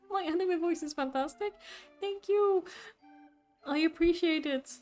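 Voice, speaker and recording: A woman's voice: extremely high pitch, slow pace, a little mellow, faint music behind. A woman streamer chatting casually and playfully with her live audience while playing a game, laughing often. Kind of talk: casual live gameplay chat.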